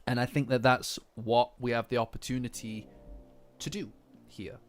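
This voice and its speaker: A man hosting a casual chapter reaction, breaking into heated, cursing outbursts between calmer reflective stretches. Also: mid-range voice, normal speed. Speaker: manga reaction host. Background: faint lofi background music.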